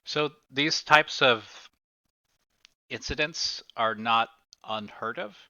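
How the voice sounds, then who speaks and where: A man runs a tabletop game at a slow, unhurried pace. His voice is bright and smooth, with dry, dull lo-fi sound and many filler pauses. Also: medium pitch, no room sound. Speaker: game master.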